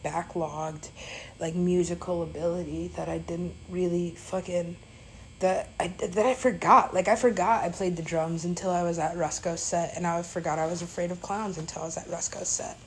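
A woman's voice: on the low side, fairly even intonation, moderate pace, a little hiss or hum, rough recording. A woman DJ telling a story in a casual, rambling way, full of fillers and swearing.

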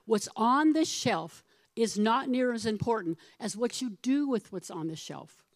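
A middle-aged woman pastor preaching a sermon, her voice pitched a little high and recorded dry and close. She speaks conversationally, asks her listeners questions and acts out the people in her stories with lively shifts. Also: unhurried, no room sound. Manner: animated storytelling, acting out voices of the people in her parable.

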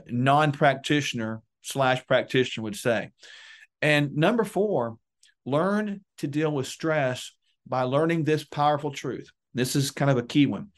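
A man giving emphatic coaching advice in a conversational interview, with lively, punchy bursts. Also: a little high. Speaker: police wellness guest.

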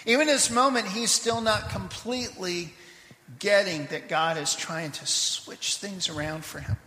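A man preaching a sermon in church, reading scripture with rising intensity and dropping into quick asides. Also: high-pitched, pushed and bright. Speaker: pastor. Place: church sanctuary. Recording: echoey church livestream.

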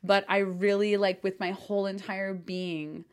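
A woman coach talks alone on her podcast at a middle pitch for her sex. She gushes and swears casually, and she fills her speech with "like" and restarts. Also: flat delivery, a little slow. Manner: effusive, swears casually, lots of "like" fillers. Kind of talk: excited solo podcast talk.

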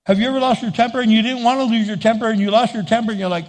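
A man's voice: very high-pitched, fairly even intonation, racing. A male pastor preaching a sermon, calling out questions to the congregation. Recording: long church reverb.

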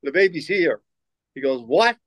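In a storytelling interview, a former basketball coach, now an older man, wanders through anecdotes, saying words again and performing other people's lines. He speaks at a normal speed in a fairly high voice. The audio is rough and has no room sound.

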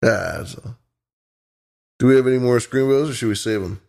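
A man's voice: mid-range voice, moderate pace, creaky, darkish tone. A young man co-hosting a podcast, laid-back and joking in casual chat. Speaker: podcast co-host.

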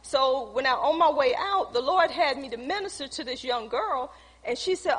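High-voiced woman pastor preaching. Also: lively intonation, normal speed, fairly bright tone. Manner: storytelling, reenacting conversations, preachy emphasis. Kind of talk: sermon with personal testimony. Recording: long hall reverb.

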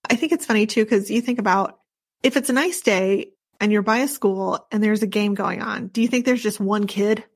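A woman's voice: mid-range voice, normal speed, breathy edge. A woman co-hosting a casual true-crime podcast, musing aloud with many fillers and loose, rambling sentences. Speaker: podcast co-host.

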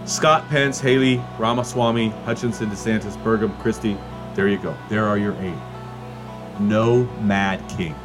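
Profane ranting male podcast host. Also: medium pitch. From United States. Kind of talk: casual political commentary.

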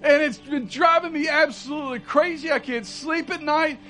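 A man's voice: very high-pitched, moderate pace, pushed and bright, soft background music, poor audio. A man preaching a sermon as pastor, folksy and conversational, building to urgent repeated emphasis.

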